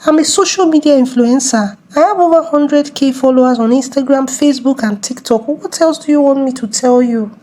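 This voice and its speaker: A woman's voice: high-pitched, brisk, few pauses, a little mellow, close to an everyday voice. A woman playing a self-assured young social media influencer, explaining herself with exasperation. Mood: exasperated.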